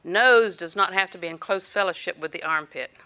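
A woman's voice: lowish voice, brisk, pushed and bright. An older woman minister preaching a sermon, telling personal stories with quoted dialogue and occasional laughter.

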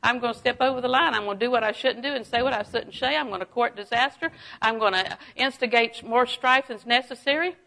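Woman preacher, middle-aged, folksy sermon, lively storytelling, quick laughs, hushed asides. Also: a little high, vocal fry, low-quality recording. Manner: folksy, animated, laughs often, drops to a hush for asides. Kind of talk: sermon with personal stories.

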